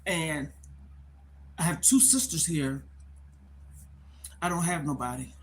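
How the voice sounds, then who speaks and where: A woman's voice: low-pitched, slow pace. Sad, rambling middle-aged woman on a live stream. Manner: rambling, repeats herself, worried and sad. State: close to tears. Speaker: livestreamer. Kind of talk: candid live-stream talk.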